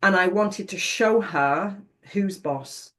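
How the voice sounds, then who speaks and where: A woman's voice: mid-range voice, slow, a bit bright. A middle-aged woman, a podcast guest telling a personal story in a frank, reflective way and swearing now and then.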